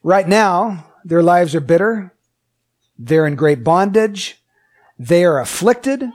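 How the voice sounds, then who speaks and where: A man's voice: high voice, animated, takes it slowly, a little mellow. A man preaching a sermon. He reads scripture aloud, asks the listeners many questions, and repeats his points with emphasis. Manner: emphatic and repetitive.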